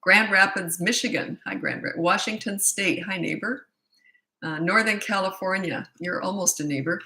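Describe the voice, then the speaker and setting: A woman's voice: mid-range voice, normal speed, sharp tone, reverberant. An older woman from Canada, a parenting coach chatting casually on a livestream, self-mocking and laughing often. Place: at home in British Columbia.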